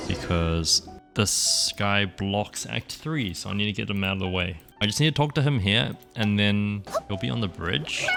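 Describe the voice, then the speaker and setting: Young man, slightly croaky gaming chatter. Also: sits low. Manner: chatty, rambling asides, playful swearing. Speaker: gaming YouTuber. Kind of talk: casual gameplay commentary.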